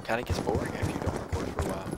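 A man's voice: deep voice, steady tone, very fast, very noisy. A man giving casual gameplay commentary, rambling and joking at his own expense. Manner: rambling, self-mocking and joking. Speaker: gaming commentator. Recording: loud game gunfire behind the voice.

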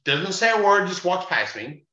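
A man with a bright, forward voice tells a rough bar story in loose, casual talk, swearing freely and acting out what others said. His voice sits in a roomy space, and the sound is a little dull and muffled. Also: sits high, very animated, normal speed. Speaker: podcast guest, bar bouncer.

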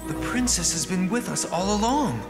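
An earnest, loyal young nutcracker prince with a British accent in an animated film. He speaks calmly and sincerely in a slightly high voice. Clear film music sits underneath. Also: moderate pace. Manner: calm, sincere.

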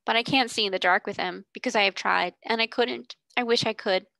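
Lady doing a proud little girl, brave and earnest, slightly raised pitch. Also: fairly quick, gravelly, no room sound. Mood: cheerful. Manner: bright and earnest, fierce when angry.

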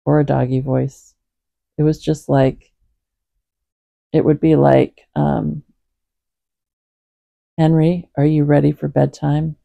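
A woman hosting a Bible reading for her cats, praying and chatting in a gentle, soft-spoken, rambling way at home. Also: deep voice, flat delivery, takes it slowly, gravelly, pauses often, no echo, highs cut off. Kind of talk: prayer and casual chat to camera.

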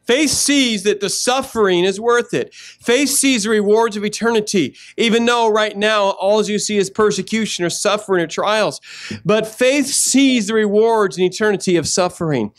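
A man pastor preaching a sermon in a church, animated, acting out little scenes as he goes. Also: sits high, normal speed. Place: church sanctuary.

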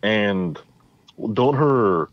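A man's voice: fairly low pitch, lively intonation, drawn-out words, dry recording, dull audio. A man co-hosting a podcast, chatting casually about a movie and raising questions about the plot. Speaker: podcast co-host.

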